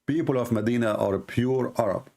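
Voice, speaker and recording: A man with an Arabic accent and Arabic as his first language, hosting a live debate show, arguing emphatically, repeating phrases and slowing down to stress points. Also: medium pitch, vocal fry, warm tone.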